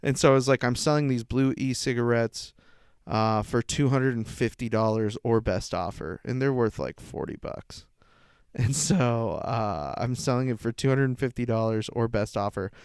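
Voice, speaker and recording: A man's voice: medium pitch, normal speed, darkish tone, clear, resonant tone, no echo, clean studio sound. A young man hosting his own podcast, rambling casually through stories, laughing at himself and swearing. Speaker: podcast host. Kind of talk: rambling solo podcast monologue.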